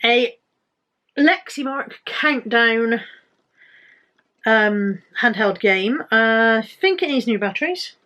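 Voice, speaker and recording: British woman, casual haul vlogger, higher-pitched, rambling and self-correcting. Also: expressive, takes it slowly, pauses often, pushed and bright. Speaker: resale vlogger.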